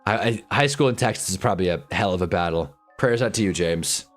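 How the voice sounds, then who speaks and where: A man's voice: sits low, fast talker, faint music behind. A man in his twenties ranting casually on a livestream, rambling and joking with frequent laughs. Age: 20s. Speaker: livestream host.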